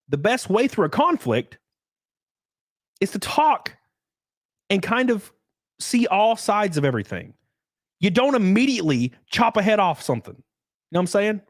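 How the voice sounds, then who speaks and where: A man's voice: high-pitched, no room sound, clean studio sound. A man chatting casually on a solo livestream, rambling and swearing, acting out the people he quotes. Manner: rambling, profane, acts out quoted people, laughs often. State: out of breath. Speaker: streamer.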